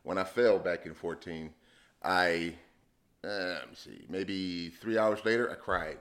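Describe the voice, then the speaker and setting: A man co-hosting a casual podcast chat, telling personal stories with halting restarts and frequent laughs. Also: deep voice, a bit bright. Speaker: podcast co-host.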